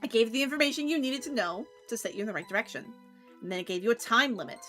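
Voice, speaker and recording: A woman voicing a wise, sly old male Pomeranian dog in a video game, calm and knowing as he explains. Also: a little high, rapid-fire, soft background music, pitched below the performer's own voice. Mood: explaining.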